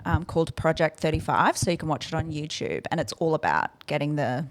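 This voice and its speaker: A woman's voice: low voice, sing-song, brisk, a little hiss or hum. An Australian woman co-hosting a casual cycling podcast, bubbly and hesitant with many ums. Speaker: podcast co-host. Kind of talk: casual chat.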